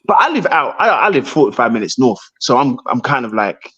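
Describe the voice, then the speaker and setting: Animated man with husky voice. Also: mid-range voice, fairly quick, muffled recording. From United Kingdom. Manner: animated, repeats himself, asks "right?" often. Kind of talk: heated casual debate.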